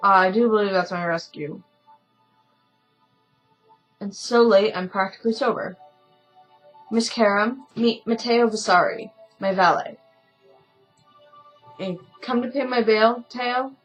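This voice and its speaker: Woman voices a rich playboy, breezy and self-amused, mid-pitch, story game read-along. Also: slow pace, pauses often, muffled recording, faint music behind, close to an everyday voice. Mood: teasing. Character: wealthy carefree young man, jokey drunk.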